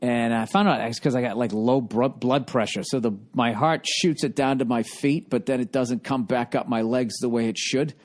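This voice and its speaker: A man's voice: medium pitch, moderate pace, few pauses. Profane, rambling middle-aged man. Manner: sarcastic, exasperated. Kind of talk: casual comedic monologue.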